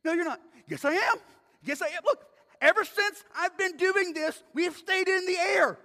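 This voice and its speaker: A man playing a panicky airline passenger who frantically insists, shouting. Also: extremely high pitch, racing, voice pushed up. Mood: frantic. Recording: long hall reverb.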